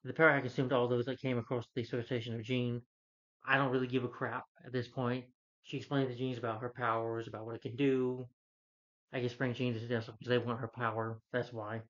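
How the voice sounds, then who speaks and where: A man's voice: medium pitch, little pitch movement, fairly quick, a bit bright, highs cut off. A man reviewing a film in a rambling, casual rant, full of "you know" fillers and exasperated asides.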